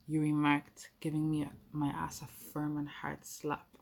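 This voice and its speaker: A woman's voice: low-pitched, monotone, a little slow, vocal fry, few pauses, a little mellow. A young adult woman telling an intimate first-person role-play story, playful and speaking straight to the listener.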